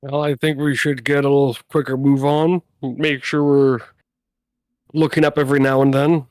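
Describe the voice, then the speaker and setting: A man's voice: mid-range voice, little pitch movement, moderate pace, darkish tone, no room sound. Hesitant, jokey man, tabletop player. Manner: hesitant, full of fillers, jokey. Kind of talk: casual chat.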